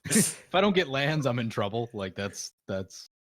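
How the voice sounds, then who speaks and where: A man's voice: mid-range voice, sing-song, a little slow. A man playing a card game with friends, wry and joking, often trailing off. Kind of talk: casual chat while playing a card game.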